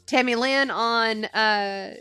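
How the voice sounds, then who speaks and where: A woman doing a live tarot reading in a casual, earnest way, offering spiritual encouragement and slowly reading card meanings aloud. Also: a little high, sharp tone, clear, resonant tone, faint music behind. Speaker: astrology and tarot reader.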